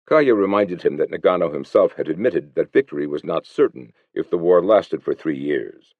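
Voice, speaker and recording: A man reading an audiobook in scripted narration, with measured storytelling. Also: sits low, animated, no room sound. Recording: slightly muffled dry recording.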